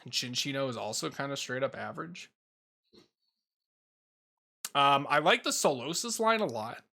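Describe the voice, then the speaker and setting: A man's voice: mid-range voice, expressive, normal speed, vocal fry, sharp tone. A young man casually ranking game creatures in a rambling, opinionated way, with lots of fillers. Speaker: YouTube host ranking creatures. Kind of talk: casual tier list commentary.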